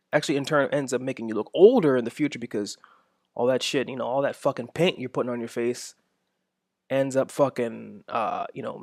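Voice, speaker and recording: A young podcast host with a mid-range voice delivers a casual monologue rant, swearing heavily, emphatic and repeating himself. The recording is dry and clean, with studio sound.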